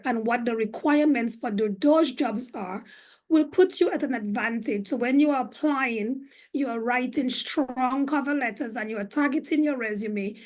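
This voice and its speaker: A woman with a slightly high, hoarse voice speaks as a guest presenter on a video call. She explains things earnestly and fills her pauses with frequent ums. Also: low-quality recording. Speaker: career center director.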